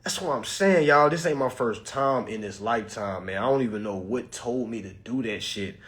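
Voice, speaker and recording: A man telling a personal story to his viewers in a casual, animated, profane way, calling them y'all. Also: mid-range voice, normal speed. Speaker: vlogger.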